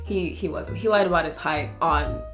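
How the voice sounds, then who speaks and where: A woman's voice: low-pitched, moderate pace, over music. A woman in her twenties chatting casually while getting ready, telling stories with sarcastic asides. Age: 20s. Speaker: vlogger. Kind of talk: casual get-ready-with-me chat.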